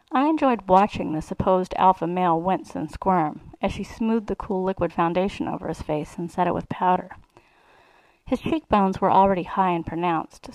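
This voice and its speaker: A woman's voice: on the low side, gravelly, a little mellow, no echo, poor audio. A woman reading a first-person erotic story aloud in a sly, relishing way. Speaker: reader.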